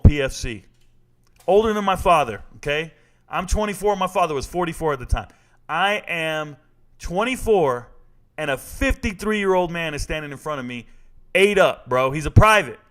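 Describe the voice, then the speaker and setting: A man in his forties hosts a casual live sports talk show, reading viewer comments and telling stories in a blunt, joking, slangy way. His mid-range voice is a bit bright.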